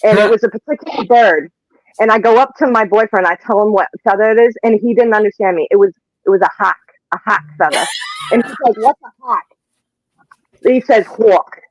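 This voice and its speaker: A woman with a Massachusetts accent, chatting as a guest and telling a story with excitement and easy laughs. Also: mid-range voice, quick pace, no echo, dull audio. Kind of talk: casual chat.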